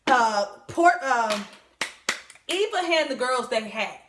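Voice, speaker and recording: Her voice sits a little high as she chats through the recap, blunt and unfiltered, with plenty of swearing and quick asides. The sound has a noticeable echo, like a bare room. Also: animated, background noise. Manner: blunt, profane, chatty, laughs often. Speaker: reality TV recap vlogger. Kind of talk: casual show recap commentary.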